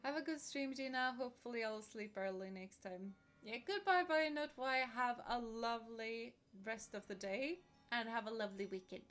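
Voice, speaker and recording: Laughing Swedish woman streamer, high voice. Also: normal speed, a bit bright, soft background music. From Sweden. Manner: chatty and frank, laughs between remarks. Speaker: VTuber streamer. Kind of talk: casual chat while streaming a game.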